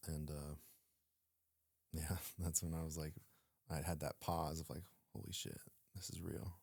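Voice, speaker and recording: A man's voice: very deep voice, unhurried, creaky, breathy edge, no echo, studio quality. A man, a former soldier, telling a story casually in an interview, acting out quoted dialogue with plenty of fillers. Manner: animated, acts out quoted dialogue, frequent fillers. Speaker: guest, former Navy SEAL.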